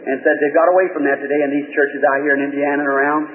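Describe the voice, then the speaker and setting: Preacher's voice in an echoey old recording. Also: male voice, fairly high pitch, rapid-fire. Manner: plain-spoken, animated storytelling. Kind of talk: folksy storytelling sermon. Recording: tinny old archival hall recording.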